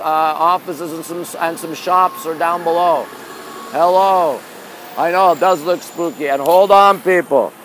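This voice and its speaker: A man's voice: on the high side, fairly bright tone. A man with a New York accent live-streaming outdoors on a rainy city street at night, chatting casually and reading viewers' comments aloud into a phone held in one hand. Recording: faint street noise behind.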